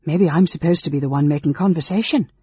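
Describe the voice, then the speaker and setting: Picture a bewildered young elf prince, voice pitched high and pushed loud as he protests, as a male reader puts him on. The tone carries a husky grain. It sounds dry and a little dull, like a lo-fi audiobook recording. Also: fast talker, no echo. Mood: panicked.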